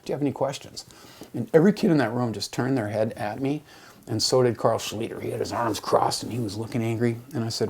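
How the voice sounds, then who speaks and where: Husky-voiced male teacher telling a story. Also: mid-range voice, fast talker. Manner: conversational storyteller, voices quoted speech with lively jumps. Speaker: literature teacher. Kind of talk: reading a poem aloud and telling a personal story.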